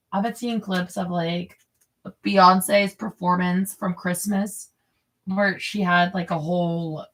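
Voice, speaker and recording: A woman reads a memoir aloud and keeps wandering off into crude, rambling chatter between passages. Her voice sits a little away from the microphone, so it sounds slightly distant. Her pitch stays in a middle range. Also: fairly bright tone. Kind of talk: reading a memoir aloud with off-script asides. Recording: voice a bit distant from the mic.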